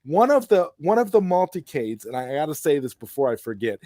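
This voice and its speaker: A man's voice: fairly high pitch, big pitch swings, a little fast, warm tone, no room sound, studio quality. A man hosting a late-night chat, talking casually and with enthusiasm, often repeating himself. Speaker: host.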